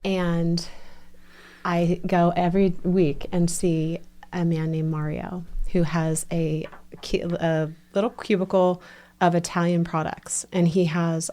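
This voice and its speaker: A chatty podcast host, a woman with a somewhat low voice. She talks effusively in a casual chat and often starts her sentences over. Her phrasing is loose and conversational. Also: level tone, slow pace, warm tone.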